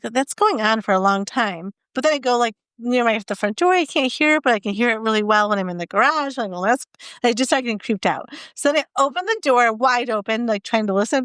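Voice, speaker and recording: A young adult woman co-hosts a casual podcast and tells stories in an animated way, acting out her own reactions. Her voice is smooth and sits a bit high. The sound is dry and close. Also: dry recording. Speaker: podcast co-host. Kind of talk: casual chat.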